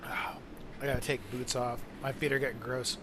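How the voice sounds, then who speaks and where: A man's voice: medium pitch, little pitch movement, normal speed, background noise. A man streaming a game, chatting casually and rambling through crude jokes with lots of fillers. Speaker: gaming streamer. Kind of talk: casual gaming-stream chat.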